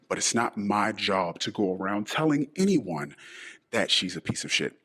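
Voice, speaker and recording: A middle-aged man hosting a personal monologue podcast in a deliberately disguised voice, talking in an emotional, halting way with sighs. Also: lowish voice, animated, a bit bright. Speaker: podcast host.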